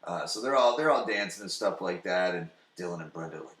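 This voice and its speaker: A man hosting a podcast, recapping a TV episode in a profane, excitable way that swings between loud and soft. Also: on the low side, fairly quick, hardly any pauses, reverberant. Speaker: podcast host.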